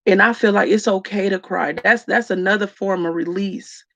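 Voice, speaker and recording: A woman speaking slowly and reflectively to her viewers, tearful. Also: mid-range voice, steady tone, creaky, fairly bright tone, dry recording, lo-fi sound. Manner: slow, reflective, addresses viewers as y'all. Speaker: vlogger. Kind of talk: emotional personal talk to viewers.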